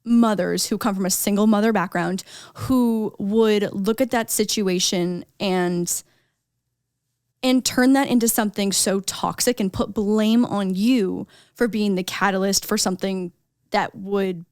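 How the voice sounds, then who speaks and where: A woman hosting a podcast in casual chat, expressive and emphatic. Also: mid-range voice, unhurried, clean tone, dry recording, studio quality. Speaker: podcast host.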